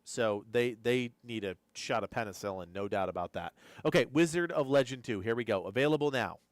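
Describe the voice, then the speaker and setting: A man's voice: medium pitch, a little fast, a little hiss or hum. A man hosting a live gaming news stream, rambling and repeating himself as he thinks aloud, drowsy and yawning. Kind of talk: live-stream reaction commentary.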